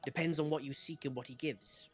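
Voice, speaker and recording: Game master, male, steady and formal in tone. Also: fairly high pitch, brisk, soft background music. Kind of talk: narrating a tabletop game.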